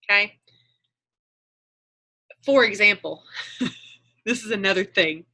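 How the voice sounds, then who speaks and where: A woman's voice: mid-range voice, slow pace, sharp tone. A woman leading an online group on a video call, chatting in a meandering way and often correcting herself mid-sentence. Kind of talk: casual chat on a video call.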